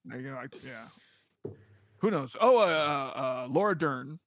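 Man, podcast co-host, laid-back self-deprecating chat, halting delivery, dry close recording. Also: medium pitch, expressive, fairly bright tone, no room sound. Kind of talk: casual chat.

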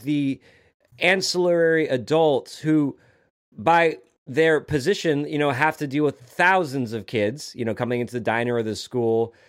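Guy cohosting a podcast, rambly chat, keeps restarting his sentences. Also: on the high side. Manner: rambling, self-correcting, acts out quotes. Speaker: podcast co-host. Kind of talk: casual chat.

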